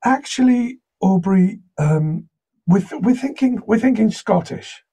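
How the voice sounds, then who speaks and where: A man's voice: high-pitched, animated, unhurried, creaky, warm tone, husky, pitched above the performer's own voice, exaggerated voice. A man mimicking a polite, tentative writer. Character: polite game writer on a call line.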